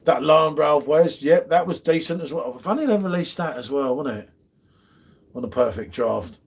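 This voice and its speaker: A man's voice: a little high, expressive, moderate pace, slightly rough. Matey man chatting beer. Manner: chatty, matey banter, drops "mate" often. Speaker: beer channel host. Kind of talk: casual livestream chat.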